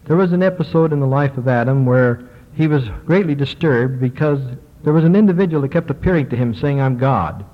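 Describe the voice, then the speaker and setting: A man giving a religious lecture, reading old texts aloud slowly and measuredly, with small hesitations. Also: a little high. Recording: tinny lo-fi recording, long hall reverb.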